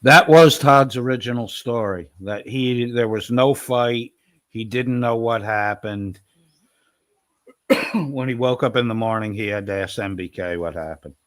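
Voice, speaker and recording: A man's voice: mid-range voice, unhurried, a bit bright, no echo. A man giving mocking, sarcastic commentary over a clip. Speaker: commentary streamer. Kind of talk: reaction commentary.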